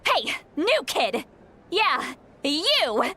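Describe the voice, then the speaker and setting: A woman's voice: high voice, huge pitch swings, drawn-out words, pushed and bright, full character voice. A woman voicing a drunk, grumpy old shaman woman who complains and brags theatrically in a video game. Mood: boastful.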